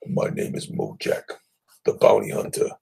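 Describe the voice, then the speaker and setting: A man voicing a gruff male bounty hunter, speaking in a low gravelly growl. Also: moderate pace, dark tone, lightly acted. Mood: menacing.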